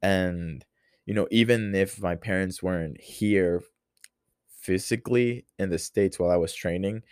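A young man with a very low voice talks through his thoughts on a solo podcast. He rambles and restarts often, reflective and unhurried. The recording is close and completely dry. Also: darkish tone, smooth, no room sound. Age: young adult. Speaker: podcast host. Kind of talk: casual solo podcast chat.

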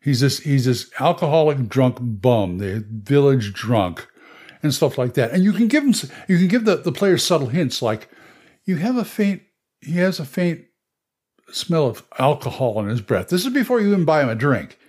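A man's voice: mid-range voice, sing-song, normal speed, a little mellow, breathy edge. A man hosting a podcast, telling game stories in a casual, rambling monologue. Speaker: podcast host. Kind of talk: casual monologue on tabletop games.

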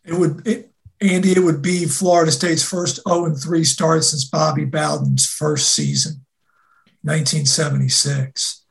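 A college football co-host talking in a deliberate, halting way, often repeating words as they start. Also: medium pitch, fairly even intonation, gravelly. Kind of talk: casual sports talk.

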